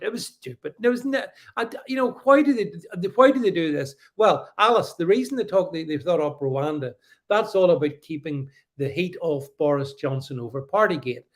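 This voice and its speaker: A man's voice: on the high side, lively intonation, normal speed. A man hosting a political commentary livestream, reading out viewer comments and answering them emphatically and sarcastically, with frequent restarts and stammers. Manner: sarcastic asides.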